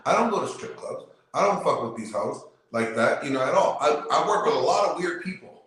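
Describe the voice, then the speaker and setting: A man's voice: fairly high pitch, lively intonation, a little fast, a bit bright. A man in casual debate as a show guest, talking emphatically and repeating himself as he lays out his point. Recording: very echoey room.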